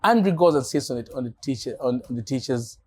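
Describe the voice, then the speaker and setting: A man from Africa telling a lively story as an interview guest, acting out voices and laughing often. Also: mid-range voice, fast talker, breathy edge. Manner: animated, acts out dialogue, laughs often. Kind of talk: casual storytelling.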